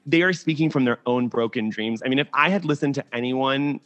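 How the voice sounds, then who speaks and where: Animated young male guest, mid-range voice, candid and talkative over a video call. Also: medium pitch, brisk, dull audio. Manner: animated, candid, heavy use of "like". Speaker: podcast guest. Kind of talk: casual interview chat.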